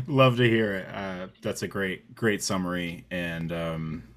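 A man's voice: deep voice, slow pace. A man co-hosting a casual podcast, friendly and agreeable as he responds to the guest. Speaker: podcast co-host.

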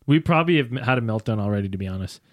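A man's voice: lowish voice, animated, racing, no echo. A Canadian man co-hosting a podcast in a studio, chatting casually, joking and reading viewer messages aloud. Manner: joking, playful, reads chat messages aloud. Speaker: podcast co-host. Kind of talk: casual chat. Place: home recording studio. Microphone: studio mic.

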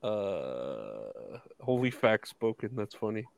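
A man's voice: medium pitch, moderate pace, clear, resonant tone, no room sound. A man co-hosting a casual wrestling podcast, laid-back and laughing often. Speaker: podcast co-host. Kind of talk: casual chat.

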